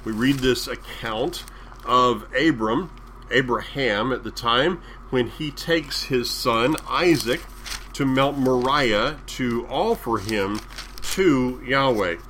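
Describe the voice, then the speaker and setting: A man with a Southern US accent preaching a sermon, drawing out key phrases with deliberate emphasis. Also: mid-range voice, a bit bright, a little hiss or hum.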